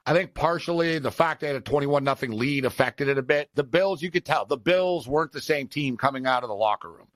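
A man's voice: medium pitch, a little fast, hardly any pauses, no echo. Joking man hosting sports talk. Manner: joking storyteller, lively banter. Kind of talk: casual sports chat.

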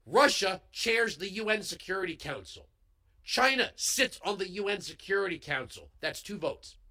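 A male talk show host delivering a heated political commentary monologue into a studio microphone, emphatic and building to yells. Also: high voice. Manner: heated, emphatic, swings into yelling. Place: radio studio. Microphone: studio broadcast microphone.

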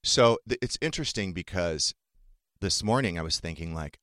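A man's voice: deep voice, expressive, moderate pace, fairly bright tone, no room sound, studio quality. A middle-aged man in casual chat, telling a personal story with feeling and acting out the dialogue. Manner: emotional, acts out quoted dialogue.

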